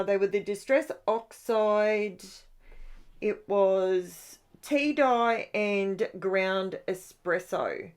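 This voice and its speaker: A woman narrates her craft project in a loose, chatty voice-over. She is sleepy and yawning, wanders off on tangents and catches her own slips along the way. Her pitch sits in an ordinary middle range for a woman. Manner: chatty and rambling, corrects herself mid-sentence. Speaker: craft channel host. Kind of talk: casual voice-over for a craft process video.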